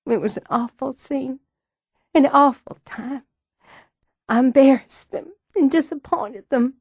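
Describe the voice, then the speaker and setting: Tearful, fragile young woman read by a woman, halting confession, audiobook. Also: mid-range voice, a little mellow, no echo. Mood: distraught. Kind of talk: audiobook dialogue.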